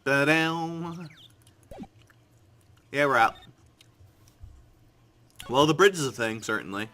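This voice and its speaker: A man's voice: fairly high pitch, lively intonation, slow, bright, forceful tone. A man hosting a let's play, reading game text aloud with wry, sarcastic asides. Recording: game music underneath.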